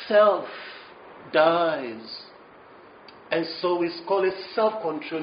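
A man preaching a sermon, mixing English and Twi, telling a story in an animated way. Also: fairly high pitch, takes it slowly, long pauses, slight background noise. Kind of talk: sermon with interpretation. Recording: echoey room, dull lo-fi sound.

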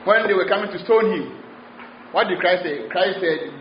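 Man preaching gently in a roomy hall. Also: sits high, normal speed. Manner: gentle preaching, switching between English and Twi, repeats words. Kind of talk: sermon. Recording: muffled, roomy recording with faint noise.

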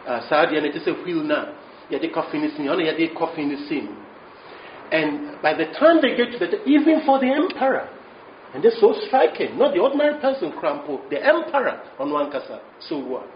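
A man preaching a sermon, mixing English and Twi, telling a story in an animated way. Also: a little high, brisk, slight background noise. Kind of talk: sermon with interpretation. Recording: echoey room, dull lo-fi sound.

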